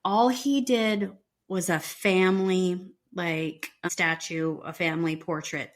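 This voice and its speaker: A woman's voice: lowish voice, steady tone, takes it slowly. Emphatic woman podcast co-host. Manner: emphatic, argumentative. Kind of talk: casual chat about a reality show.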